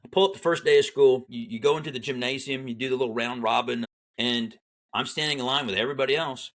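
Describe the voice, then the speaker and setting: A man's voice: mid-range voice, fast. A middle-aged man telling his military story in casual conversation, acting out the people he quotes. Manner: animated, acts out quoted dialogue. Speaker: guest, Army veteran.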